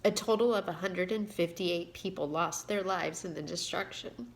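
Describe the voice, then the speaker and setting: A woman's voice: on the low side, gravelly, a little hiss or hum. Emotional woman reading her own book. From Indiana, USA. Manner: emotional, halting, reading aloud with pauses. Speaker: author and giving speaker.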